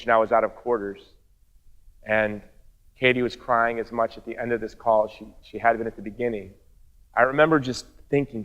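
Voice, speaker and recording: A man's voice: mid-range voice, brisk, a bit bright, long reverb tail. A middle-aged man giving an earnest personal testimony to an audience, mixing wry asides into his story. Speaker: speaker.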